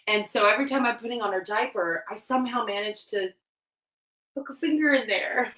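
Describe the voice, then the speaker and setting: A young woman co-hosting a casual livestream chat, rambling and giggling, getting loud and excited as she tells stories. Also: on the high side, moderate pace, recorded from a distance. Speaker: livestream co-host. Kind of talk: casual chat while cleaning tack. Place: room at home. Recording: roomy echo.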